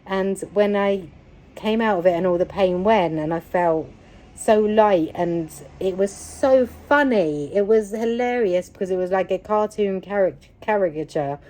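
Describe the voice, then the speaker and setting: A woman's voice: medium pitch, measured pace. A woman, telling a personal story in a casual, emphatic way, repeating phrases for weight. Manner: emphatic, repetitive, animated retelling. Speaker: vlogger.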